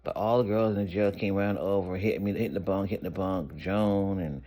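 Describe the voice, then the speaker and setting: Man, deep voice, casual storytime vlogger, candid and conversational. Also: fairly even intonation, brisk, mellow. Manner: candid, conversational, rambling with restarts.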